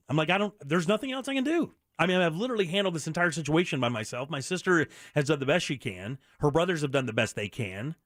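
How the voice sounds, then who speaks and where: Fast-talking middle-aged radio host. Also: male voice, a little high, a bit bright, no echo, clean studio sound. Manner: earnest and blunt, with frequent restarts. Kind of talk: candid talk radio monologue.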